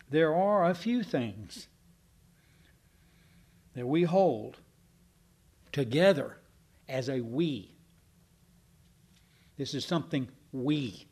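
Slow, emphatic male preacher. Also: fairly high pitch, a little mellow, husky. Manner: emphatic, with slow deliberate stresses and spoken fillers. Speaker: pastor. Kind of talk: sermon.

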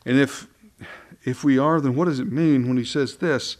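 A man's voice: mid-range voice, fairly even intonation, normal speed. A man preaching into a microphone, reading scripture and talking in a conversational, wry way full of rhetorical questions. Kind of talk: sermon.

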